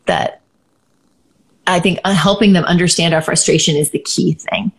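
A woman's voice: on the low side, normal speed, vocal fry, breathy edge. A woman co-hosting a parenting podcast, explaining ideas in a thoughtful, casual advice chat.

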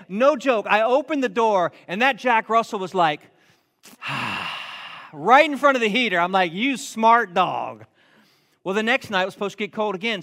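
A man preaching a sermon, telling a homey story in an animated, self-mocking way and slowing down to stress his points. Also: high voice, long reverb tail. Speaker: pastor.

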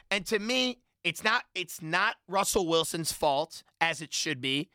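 Emphatic sports panelist, bright voice. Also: male voice, on the high side, animated, measured pace, smooth, no echo, studio quality. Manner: emphatic, repetitive, argumentative. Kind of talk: heated sports debate.

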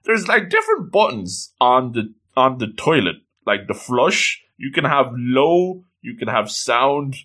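A man's voice: mid-range voice, sing-song, unhurried, hardly any pauses, a bit bright. A man recapping an anime episode in a playful, exclamatory casual commentary.

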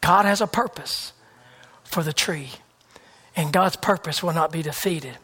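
A man delivering a sermon in a high, bright voice. He drives his points home through repeated phrases. He swings between loud, fervent bursts and near-whispered hushes. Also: unhurried, breathy edge. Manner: repetitive, emphatic preaching cadence. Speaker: preacher.

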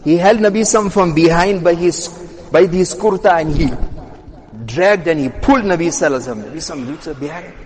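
A man with a fairly high voice delivers a sermon, telling a story with lively storytelling energy. He acts out the speakers in the tale and breaks into short recited Arabic passages. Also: quick pace, long reverb tail. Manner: animated retelling that acts out quoted speech. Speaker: Islamic scholar.

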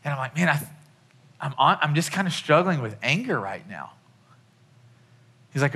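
A man's voice: a little high, lively intonation, brisk, pauses often, sharp tone. A man in his thirties, a pastor, giving a conversational sermon with many restarts.

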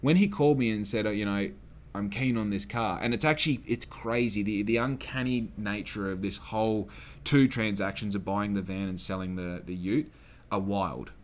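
A young Australian man hosting a solo podcast, telling a long story in a loose, swearing, animated way and acting out the people he quotes. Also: fairly low pitch, moderate pace. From Western Australia. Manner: swears freely, acts out quoted people, gets loud when excited. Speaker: podcast host.

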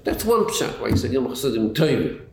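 A man's voice: medium pitch, wildly swooping pitch, brisk, vocal fry. A man teaching a Chassidus class, asking rhetorical questions and repeating words as he thinks it through. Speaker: Torah teacher. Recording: echoey room with faint noise.

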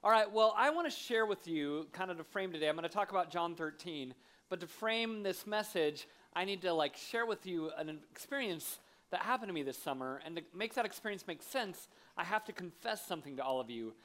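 A man, a guest preacher giving a sermon in a church, lively and self-deprecating as he acts out funny stories. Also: high voice, fairly quick. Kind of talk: sermon with humorous storytelling. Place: church sanctuary.

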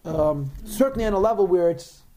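A man's voice: high voice, lively intonation, fairly quick, warm tone. A man teaching a religious text, explaining in a digressive way with frequent repeated words. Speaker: Torah teacher.

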